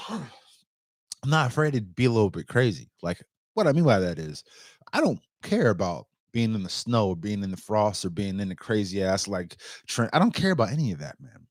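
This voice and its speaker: A man in his young adult years, chatting casually to his viewers as an outdoor vlogger in a loose, animated way and swearing freely. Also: on the low side, normal speed, no echo, clean studio sound. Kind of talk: casual chat to camera.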